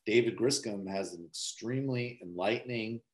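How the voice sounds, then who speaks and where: A man's voice: fairly low pitch, normal speed. A man hosting a podcast in casual, teasing chat, often rambling with fillers. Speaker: podcast host.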